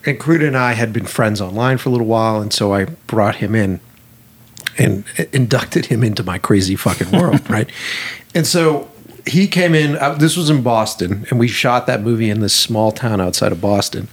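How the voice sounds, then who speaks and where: Husky man telling stories, swearing freely. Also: lowish voice, moderate pace. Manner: animated, profane, acts out dialogue. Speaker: film director. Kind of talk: casual storytelling conversation.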